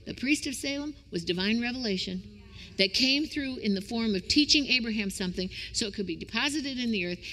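A woman preaching a sermon with emphatic rhetorical questions that climb into high, excited exclamations. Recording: reverberant hall.

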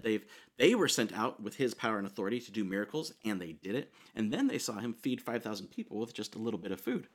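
A man preaching a sermon in a casual, conversational way, often asking "right?" and saying "like.". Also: medium pitch. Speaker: pastor.

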